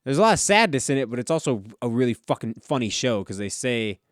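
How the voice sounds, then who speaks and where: A man's voice: medium pitch, sing-song, fast talker, dry recording, clean studio sound. A man co-hosting a casual podcast, laid-back and swearing freely as he retells TV scenes. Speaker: podcast co-host. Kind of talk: casual chat.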